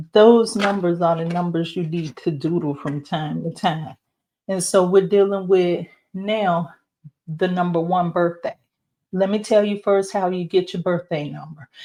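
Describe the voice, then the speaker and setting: A woman giving an oracle card and numerology reading, talking slowly and reflectively straight to the viewer. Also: lowish voice, mellow, slight background noise. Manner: slow, reflective, speaks to viewer directly.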